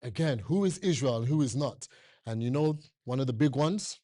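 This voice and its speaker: Warm and mid-range, the man's voice moves at a normal speed through an emphatic, repetitive sermon. He trades jokes with the congregation and asks them questions again and again. The recording is studio quality with no echo.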